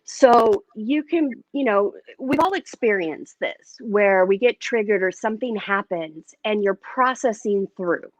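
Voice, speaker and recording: A woman speaking as an interview guest and metaphysician, telling her story in a candid, expressive way. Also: medium pitch, measured pace, hardly any pauses, dry recording, low-quality recording. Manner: candid and expressive, lively retelling.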